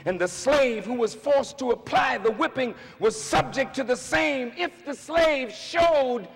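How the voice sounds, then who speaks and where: Slow, high-voiced man preaching in an arena. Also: soft background music. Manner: dramatic swings between shouting and hushed storytelling. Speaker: minister. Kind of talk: fiery sermon to a large crowd. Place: large indoor arena. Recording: long reverb of a large arena.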